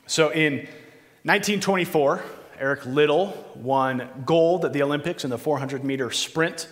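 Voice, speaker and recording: A male pastor giving an earnest, conversational sermon with a prayer, pausing on fillers and restarting phrases. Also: on the high side. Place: church. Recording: reverberant church hall.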